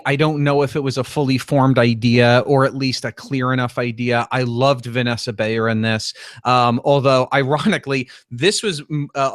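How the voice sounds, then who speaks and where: A man's voice: medium pitch, a bit bright, dry recording, clean studio sound. A man co-hosting a TV recap podcast, chatting casually and enthusiastically, often acting out lines he quotes. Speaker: podcast co-host.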